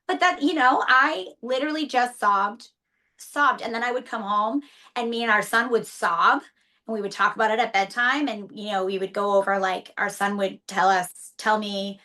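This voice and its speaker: Bright-voiced candid woman. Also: fairly high pitch, normal speed. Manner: candid, tearful at times, many restarts. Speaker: stroke survivor's partner, guest. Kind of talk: emotional interview conversation.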